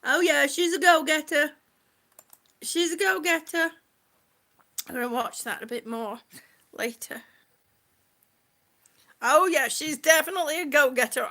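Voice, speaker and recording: A woman's voice: high voice, lively intonation, unhurried, long pauses, sharp tone. A woman hosting a casual livestream, teary and holding back tears, gushing with repeated exclamations as she reads viewers' comments. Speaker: livestream host.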